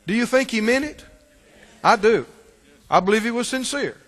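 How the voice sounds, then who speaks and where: A man preaching a sermon in church, asking the congregation questions and swinging between loud calls and hushed asides. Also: very high-pitched, lively intonation, normal speed. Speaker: pastor. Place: church sanctuary. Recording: long reverb of a large hall.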